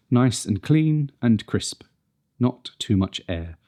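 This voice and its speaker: Slow, careful male speech coach. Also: lowish voice, very animated, warm tone. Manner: slow, careful demonstration of consonant sounds. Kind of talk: pronunciation lesson.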